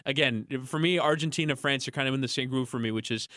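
Chatty sports radio host, dry sound. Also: male voice, medium pitch, pushed and bright, no echo. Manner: chatty, quick restarts and repeats. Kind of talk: casual sports radio banter.

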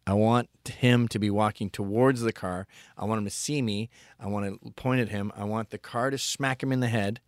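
Male host, low-pitched, profane ranting storyteller, dry close mic. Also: moderate pace, dry recording. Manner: ranting, profane, deadpan asides. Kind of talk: comedic storytelling monologue.

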